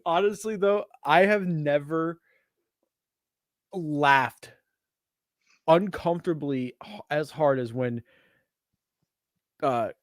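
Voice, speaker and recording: A man's voice: on the high side, slow pace, pauses often, no room sound, studio quality. A man co-hosting a casual chat, crude and joking, often slipping into silly voices. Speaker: podcast co-host.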